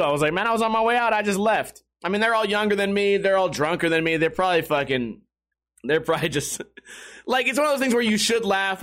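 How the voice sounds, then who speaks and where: A man's voice: on the high side, fairly bright tone. A young man telling a story casually, rambling, swearing and laughing often as a podcast host.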